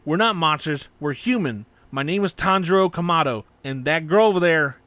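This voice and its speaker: A man's voice: on the high side, normal speed, fairly bright tone, dry recording, lightly acted. A man voicing an earnest young male swordsman in an audiobook reading, speaking in a pleading way.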